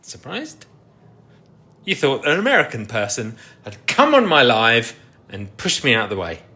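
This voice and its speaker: A man's voice: mid-range voice, huge pitch swings, normal speed, bright, forceful tone. An English man chatting casually on a livestream, reading the comments and rambling with a self-deprecating humor. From England.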